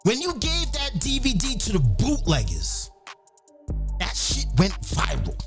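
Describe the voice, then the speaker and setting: A man hosting an event, delivering an excited, profane monologue and half-singing some lines. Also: high-pitched, measured pace. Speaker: event host. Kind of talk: excited monologue over a beat. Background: music.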